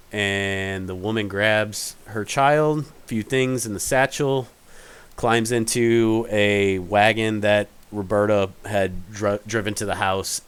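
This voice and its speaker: A man's voice: fairly low pitch, fairly bright tone, smooth. A man narrating a tabletop game as game master, rambling with many fillers and restarts.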